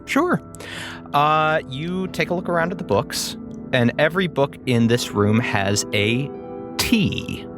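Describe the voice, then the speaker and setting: A man narrating a tabletop game as game master, relaxed with halting descriptions. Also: a little high, music in the background.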